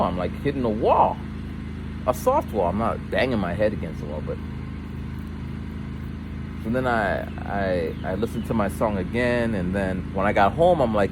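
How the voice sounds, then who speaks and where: A man's voice: low voice, animated, moderate pace, heavy background noise. A man telling a rambling story while walking outdoors, with false starts and quoted voices of other people. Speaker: vlogger. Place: outdoors on a street.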